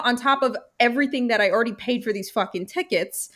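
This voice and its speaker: Chatty young woman, animated storyteller. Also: medium pitch, fast, hardly any pauses. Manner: animated storytelling, swears freely, many fillers. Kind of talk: casual chat.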